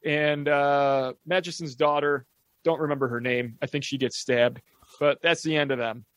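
A man co-hosting a podcast, recapping a horror movie plot in a relaxed, profane storytelling way. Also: a little high, moderate pace, no echo. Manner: relaxed storytelling, swears casually. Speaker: podcast co-host. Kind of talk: casual movie recap chat.

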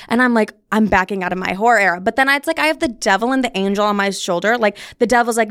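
A woman's voice: mid-range voice, fast talker, hardly any pauses, a bit bright, smooth, dry recording, studio quality. A young woman hosting a podcast, telling a personal story in a chatty, profane way full of "like". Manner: chatty, profane, frequent "like" filler. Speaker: podcast host. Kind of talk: casual storytelling. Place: studio.

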